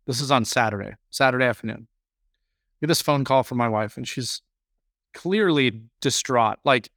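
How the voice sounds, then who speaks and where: A man co-hosting a podcast, telling a long story in a rambling, animated way during casual chat. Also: medium pitch, normal speed, no echo, clean studio sound. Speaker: podcast co-host.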